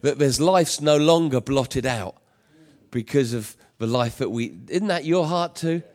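A man's voice: mid-range voice, unhurried, darkish tone. A man preaching a sermon in an emphatic, repetitive style that rises to passionate appeals, telling a personal story to his congregation. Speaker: pastor.

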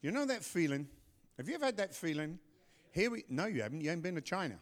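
A middle-aged man telling a story and giving announcements at a church service, animated, with loud bursts. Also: a little high, fast talker. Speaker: pastor.

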